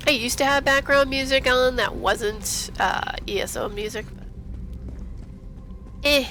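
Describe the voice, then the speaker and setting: Giddy self-mocking lady streaming a game, vocal fry, kinda high. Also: measured pace, sharp tone, a little hiss or hum. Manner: giddy, chatty, self-mocking, laughs often. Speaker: gaming streamer. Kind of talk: casual commentary while playing.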